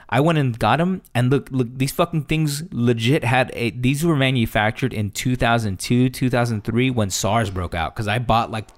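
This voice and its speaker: A man in casual conversation, rambling with lots of fillers and restarts, swearing freely. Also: medium pitch. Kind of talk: casual chat.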